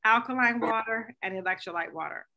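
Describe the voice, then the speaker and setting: A woman fitness coach leading a casual group video call, upbeat and encouraging, talking in quick asides. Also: fairly high pitch, sharp tone.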